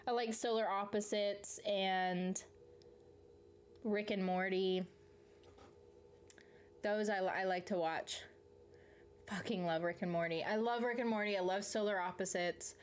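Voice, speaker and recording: A woman's voice: mid-range voice, steady tone, unhurried, long pauses, a little hiss or hum. A woman from the South, chatting casually on a live stream, reading out viewer comments and answering them in a rambling way, swearing freely and laughing mid-sentence. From Southern United States.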